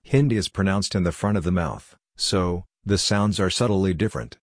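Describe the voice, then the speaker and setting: A man with a low, deep voice narrates a script in a measured, explanatory way. His voice sounds close and dry, with almost no room sound around it. He talks like a language explainer walking through examples. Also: no room sound.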